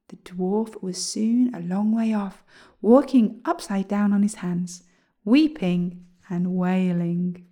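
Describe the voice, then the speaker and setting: A woman reading a children's story aloud, speaking gently and softly, often slipping into a whisper. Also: medium pitch, fairly even intonation, slow.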